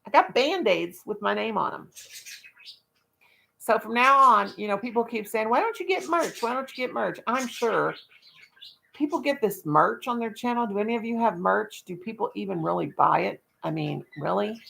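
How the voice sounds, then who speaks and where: A woman's voice: medium pitch, animated, moderate pace, vocal fry, fairly bright tone, slight background noise. A woman chatting casually on her livestream, folksy and talkative, breaking into baby talk to her dog now and then. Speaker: livestream vlogger.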